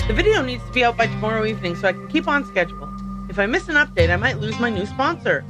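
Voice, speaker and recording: A woman's voice: fairly high pitch, very animated, quick pace, music in the background. A woman voicing an earnest, upbeat young female vlogger who hunts monsters in a narrative game.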